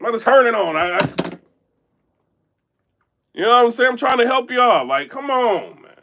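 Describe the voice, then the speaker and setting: A man talking indoors in a casual live-stream commentary, animated and rambling, often checking in with his chat. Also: extremely high pitch, moderate pace. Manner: animated, rambling, keeps asking "you know what I'm saying". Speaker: battle rap commentator and blogger. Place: indoor room.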